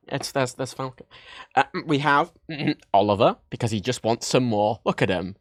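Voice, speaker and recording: A man hosting a livestream from his desk, chatting casually and excitedly while he jokes and rambles through a show-and-tell. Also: mid-range voice, moderate pace, no echo, clean studio sound. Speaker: livestream host. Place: home desk setup.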